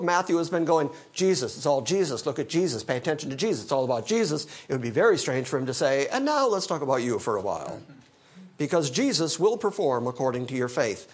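A male pastor preaching an expository sermon, animated and teaching verse by verse, with dry humor. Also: fairly high pitch. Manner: animated, quoting scripture in character, dry humor.

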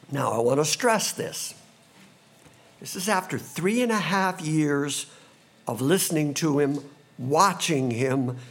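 A man with a fairly high voice preaching a sermon as a pastor. His pitch swings widely as he preaches, and he sometimes acts out confused voices from the passage. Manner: animated preaching, acting out disciples' confused voices.

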